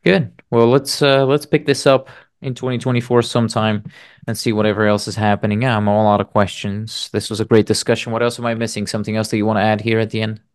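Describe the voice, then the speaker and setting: A man's voice: on the low side, flat delivery, fast. A man hosting an interview, asking brief, easygoing questions. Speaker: interview host. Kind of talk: casual interview talk.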